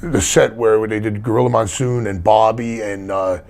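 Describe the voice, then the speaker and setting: A man's voice: fairly low pitch, fairly even intonation, normal speed, creaky, a little mellow. A middle-aged man, a wrestler telling rambling stories full of restarts in a casual interview. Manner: rambling anecdotes with many restarts. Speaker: wrestler guest.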